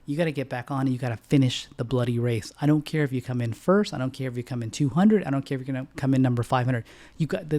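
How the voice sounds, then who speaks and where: A middle-aged man, a bank founder, talking on a podcast in casual, animated storytelling style. He clears his throat often and jumps into sharp, high-pitched outbursts when acting out quotes.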